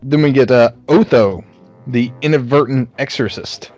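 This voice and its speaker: A man's voice: medium pitch, moderate pace, muffled recording. Man, podcast host, swears a lot, retells scenes, faint music behind. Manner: profane, lively scene-by-scene retelling. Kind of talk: casual film review chat over beers.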